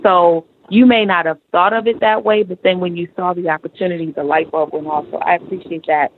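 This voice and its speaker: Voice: mid-range voice, fairly even intonation, brisk. Encouraging radio host on a tinny line. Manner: encouraging, reflective, talks in a ministering tone. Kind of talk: radio talk show interview.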